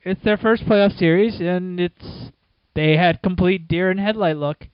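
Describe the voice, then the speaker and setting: Male podcast co-host, wry sarcastic asides, smooth clear voice, dry close sound. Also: sits high, measured pace, dry recording, lo-fi sound. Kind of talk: casual sports chat.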